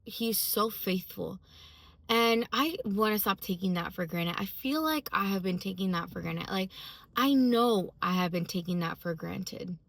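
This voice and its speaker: A woman's voice: medium pitch, measured pace, gravelly, a bit bright. A woman giving a casual, emphatic personal faith testimony, full of fillers as she talks. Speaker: faith vlogger.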